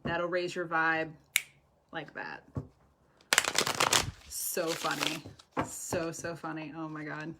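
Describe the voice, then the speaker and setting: A woman's voice: deep voice, flat delivery, slow pace, long pauses, sharp tone, a little hiss or hum. A woman giving tarot readings on a live stream, chatty and affectionate, laughing often. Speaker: tarot reader. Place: home, live video stream.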